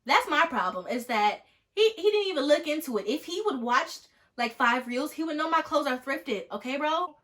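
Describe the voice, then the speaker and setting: A woman in her twenties telling a story in a casual vlog, jokey and animated, acting out a text exchange. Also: sits high, moderate pace. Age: 20s. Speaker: vlogger.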